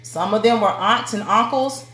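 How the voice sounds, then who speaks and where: A fairly bright, slightly high female voice at normal speed gives an inspirational live-stream talk for women. She's direct and preacherly, reaching out to viewers by name, and the space echoes.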